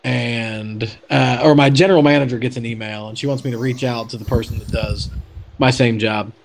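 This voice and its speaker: A man's voice: medium pitch, steady tone, normal speed, creaky, a little hiss or hum. A man telling a story in a casual chat, chatty with many fillers and restarts. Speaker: podcast guest telling a story.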